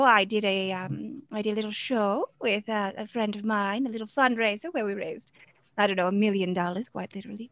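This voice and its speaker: Young woman performer, staccato and teacherly, fairly high voice. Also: fairly bright tone, no echo, clean studio sound. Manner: staccato, teacherly rhythm with abrupt pauses. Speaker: character performer. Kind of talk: interview conversation.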